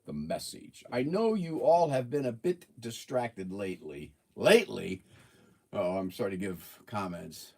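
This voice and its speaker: A man's voice: lowish voice, sing-song, moderate pace, hardly any pauses, dark tone. A man hosting a casual livestream, rambling and joking as he reads out viewer comments. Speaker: livestream host.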